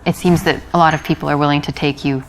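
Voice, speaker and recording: A soft-spoken American date. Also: female voice, low voice, fairly even intonation, fast talker, faint music behind, poor audio. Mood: easygoing. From United States. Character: friendly young American woman on a date. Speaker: date in a video game. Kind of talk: scripted game dialogue.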